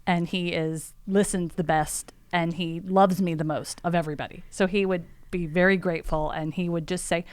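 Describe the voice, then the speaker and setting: Smooth-voiced wry middle-aged woman. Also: fairly low pitch, moderate pace, hardly any pauses, dry recording. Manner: wry, deadpan humor. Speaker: employee and podcast guest. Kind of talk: casual podcast chat.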